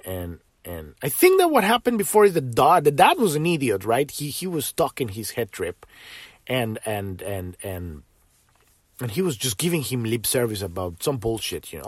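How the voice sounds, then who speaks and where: A man's voice: mid-range voice, no echo. A man hosting a casual spiritual podcast, rambling with many restarts, tagging sentences with "right?" and swearing freely. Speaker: podcast host.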